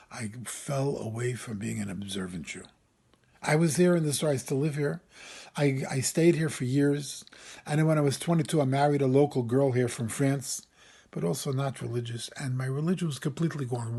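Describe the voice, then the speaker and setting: A man serving as a camp rabbi, telling a story in an animated sermon style, voice lifting when he quotes people. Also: medium pitch. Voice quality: gravelly, husky.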